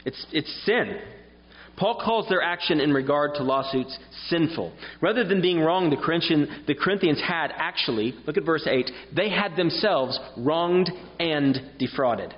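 A man's voice: on the high side, expressive, a little slow. A man preaching a sermon in an earnest, emphatic, explanatory way. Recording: dull sound with long reverb in a hall.

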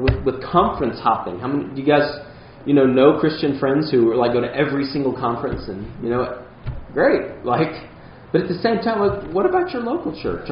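A man's voice: mid-range voice, reverberant, highs cut off, slight background noise. A man preaching a sermon as pastor, earnest and emphatic, with casual asides to the congregation.

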